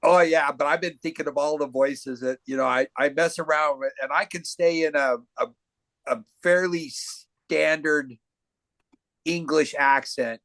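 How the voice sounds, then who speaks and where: A man's voice: fairly high pitch, steady tone, measured pace, fairly bright tone, dry recording. An older man co-hosting a casual chat, friendly and a bit stumbling with his words. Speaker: podcast co-host.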